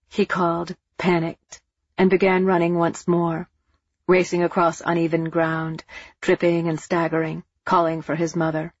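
A woman reading a novel as an audiobook narrator, measured and expressive. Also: on the low side, slightly rough, no echo, lo-fi sound. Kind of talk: scripted narration.

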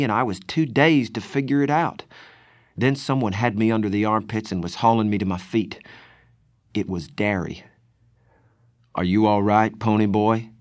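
A man narrating a novel in the first person, in a measured, deliberate storytelling manner. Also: lowish voice, dry recording, studio quality. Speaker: audiobook narrator.

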